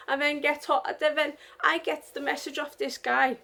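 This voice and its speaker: A young woman from the UK talks straight to the camera in a casual vlog. Her voice sits high, and she rambles, getting emotional and indignant as she goes. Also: a little slow, pauses often, bright, forceful tone. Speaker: vlogger.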